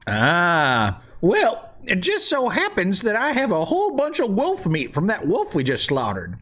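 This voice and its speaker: A man plays a character at a tabletop game, talking playfully. His pitch swings far up and down from one phrase to the next. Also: huge pitch swings, normal speed, a bit bright, slightly rough. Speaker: player.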